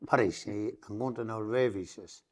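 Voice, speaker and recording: A man's voice: fairly low pitch, unhurried. A middle-aged man with an Irish Traveller accent, a podcast guest telling a long story in a rambling way and swearing over and over that it's true. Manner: rambling, repeats oaths of truth. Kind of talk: emotional storytelling.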